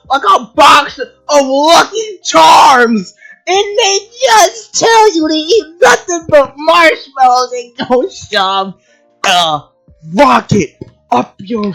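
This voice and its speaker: A woman ranting in a video review. She is profane and exasperated and often breaks into shouts. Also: high voice, takes it slowly, soft background music. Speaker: video commentator. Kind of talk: angry review rant.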